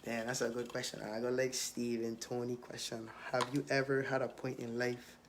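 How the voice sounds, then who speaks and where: A young man with a thick Virgin Islands accent talks in an easygoing, streetwise way, tossing in tag questions as he answers fan questions. His voice sits at an ordinary middle pitch, and a faint hiss runs under it. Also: little pitch movement, normal speed. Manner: laid-back, streetwise, with repeated tag questions. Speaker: rapper. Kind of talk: casual Q&A, reading questions aloud.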